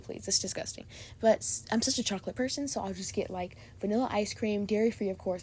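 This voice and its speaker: A young woman hosting her own podcast, chatting in a bubbly, gushing way and peppering her talk with "like" and "oh my God." Her voice is soft and mellow, a little sleepy, with faint noise behind her. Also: mid-range voice, gravelly. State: sleepy and tired. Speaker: podcast host. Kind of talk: casual chat.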